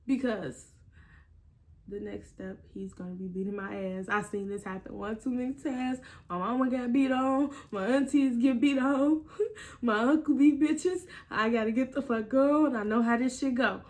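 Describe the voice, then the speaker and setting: A fairly high-pitched woman telling a story straight to the camera in an animated, emphatic way. She swears freely and drives her advice home with repetition. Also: moderate pace. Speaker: vlogger giving relationship advice. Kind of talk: casual storytelling vlog.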